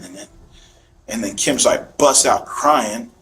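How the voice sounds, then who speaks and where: Halting middle-aged father recounting events. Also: mid-range voice, fairly bright tone, slight background noise. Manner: rambling, halting, with restarts and slang. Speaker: interviewee, father. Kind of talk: emotional recounting in an interview.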